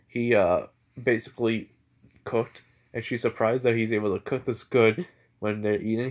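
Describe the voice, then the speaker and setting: A man's voice: on the low side, steady tone, normal speed, dull audio. A young man improvising a fan story, rambling and filling gaps with "basically" and "like".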